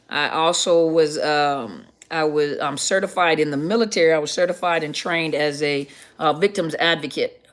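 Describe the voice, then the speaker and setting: A woman's voice: sits low, fairly bright tone. A middle-aged woman, a counselor, hosting a casual livestream Q&A, chatty and greeting viewers by name as she reads their comments.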